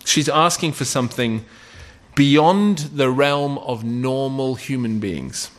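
A man's voice: mid-range voice, animated, takes it slowly. A man preaching a sermon in a conversational way, often checking in with "okay?" and asking rhetorical questions.

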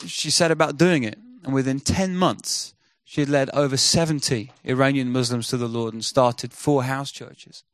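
Man, sermon storytelling, animated, acts out quotes, dry recording. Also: mid-range voice, no echo. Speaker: missionary speaker.

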